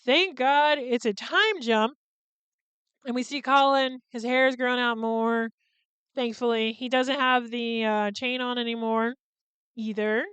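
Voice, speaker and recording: High-voiced, crisp woman recapping a film. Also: fairly even intonation, a little slow, fairly bright tone, no echo. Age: 30s. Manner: chatty, profane, acts out quoted lines in voices. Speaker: podcast host. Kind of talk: casual solo movie recap.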